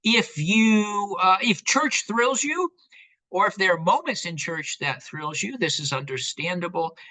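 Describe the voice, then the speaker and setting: A man giving a conversational lecture in a relaxed way, with frequent fillers and asides. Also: high voice, a little slow, poor audio.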